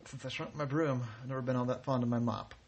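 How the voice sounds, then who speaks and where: A man's voice: mid-range voice, fairly even intonation, fast talker, vocal fry, close to an everyday voice. A man voicing a worried, grateful client in a bedtime story, hesitant and rambling. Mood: relieved. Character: worried, grateful man cursed to shrink things.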